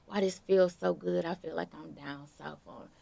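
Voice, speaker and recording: A young woman being interviewed, telling stories in a relaxed, casual way with plenty of fillers. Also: low-pitched, moderate pace, gravelly. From Detroit. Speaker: guest artist.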